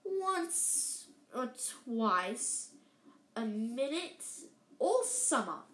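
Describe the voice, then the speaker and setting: Woman reader doing mischievous teen twins; teasing, bright and high, roomy echo. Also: sing-song, drawn-out words, heavily acted. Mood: mocking. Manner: mocking, playful. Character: cheeky teenage boy twins, teasing. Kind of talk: storybook reading. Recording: echoey room.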